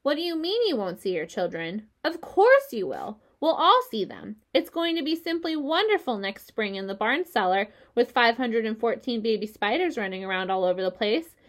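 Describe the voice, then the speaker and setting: A woman's voice: a little high, animated, a little fast, few pauses, lightly acted. A woman voicing a young, innocent male pig in a storybook reading, eager and wide-eyed.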